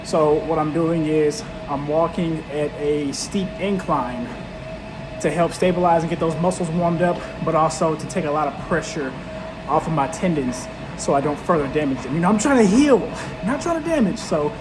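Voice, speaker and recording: This fitness vlogger's voice is a little high with fairly even intonation, and he talks about his workout at a moderate pace over music. His casual, unscripted chat is easygoing and thought out aloud, captured by a built-in camera mic rather than an external one, with a noisy background.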